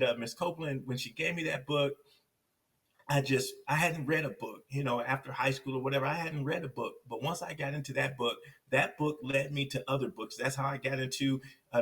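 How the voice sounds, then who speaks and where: A man from Compton, California, a guest on a podcast, telling his life story in a lively way and repeating phrases for emphasis. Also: medium pitch, distant mic. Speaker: podcast guest, success coach.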